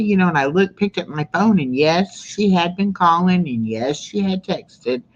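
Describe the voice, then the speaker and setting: A woman's voice: low-pitched, highs cut off. Chatty woman in her sixties. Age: 60s. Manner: chatty, rambling with many fillers. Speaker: livestream host. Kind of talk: casual live-stream chat.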